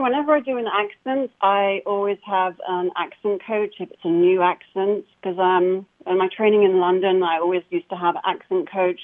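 A woman who acts, talking about her work in a casual interview, enthusiastic and full of fillers and restarts. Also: fairly low pitch. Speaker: actor guest. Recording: phone line.

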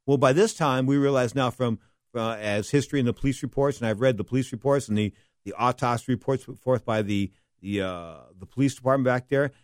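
A man's voice: medium pitch, fairly quick, no room sound, studio quality. Rambling man telling wrestling stories. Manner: rambling, animated, stops to correct names. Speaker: wrestling history podcast host. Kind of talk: casual storytelling monologue.

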